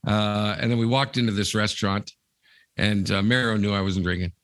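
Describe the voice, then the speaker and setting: A man's voice: on the low side, steady tone, a little fast, a bit bright, dry recording. A man co-hosting a podcast, telling stories in a rambling, casual way with lots of fillers. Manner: rambling storyteller, many fillers. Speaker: podcast co-host. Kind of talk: casual chat.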